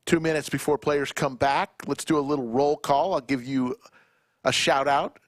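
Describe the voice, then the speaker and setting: A man hosting a live poker stream in a poker room, chatting casually and reading out viewer shout-outs one by one. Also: medium pitch, steady tone, normal speed, no room sound, studio quality. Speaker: poker livestream commentator.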